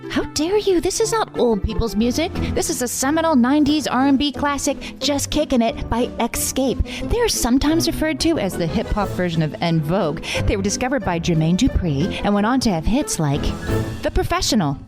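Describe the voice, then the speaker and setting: A woman's voice: big pitch swings, moderate pace. A woman playing an indignant mom who lectures her kids on nineties music in a comedy sketch. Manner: outraged, lecturing, shrill rises.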